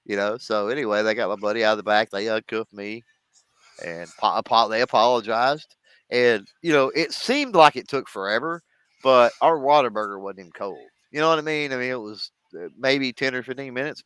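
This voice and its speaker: A man's voice: mid-range voice, fairly quick, fairly bright tone, clear, resonant tone, dry recording. A man, chatting casually on a show and telling a story, acting out the voices of the people in it. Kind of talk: casual chat.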